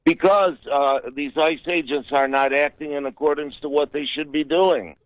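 A man's voice: on the high side, steady tone, normal speed, no room sound, dull audio. A man calling in to a radio talk show, earnest and indignant, pressing his point insistently. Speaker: caller.

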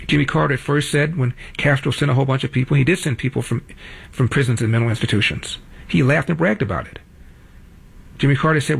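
Gravelly older male talk radio host. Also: medium pitch, brisk. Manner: wry, combative, builds to emphatic peaks. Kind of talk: political talk radio monologue.

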